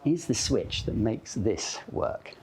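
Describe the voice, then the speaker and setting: Animated chatty man telling stories. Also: fairly low pitch, slow, background noise. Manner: animated, chatty, self-interrupting, often asks "okay?". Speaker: speaker at a live talk. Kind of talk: anecdotal storytelling talk. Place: club event room, live audience.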